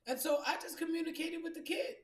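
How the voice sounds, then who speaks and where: A woman with a high voice tells her story bluntly and emphatically, cursing freely. She sounds like a podcast host talking off the cuff. The recording has a noticeably echoey room around her. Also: fairly even intonation, fast talker. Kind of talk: candid storytelling monologue.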